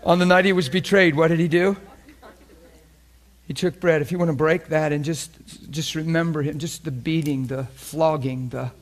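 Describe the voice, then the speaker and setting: A man preaching a sermon, telling a story with bursts of laughter and dropping to a hushed, reverent voice. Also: a little high, normal speed. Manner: animated, laughs often, drops to a hushed tone for reverent parts.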